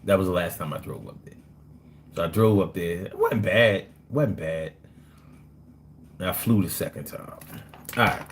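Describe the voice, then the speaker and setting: A man runs a casual live stream and answers his chat. His talk is loose, slangy and full of quick jokes and laughs. His pitch rises and falls in a very lively way. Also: a little hiss or hum.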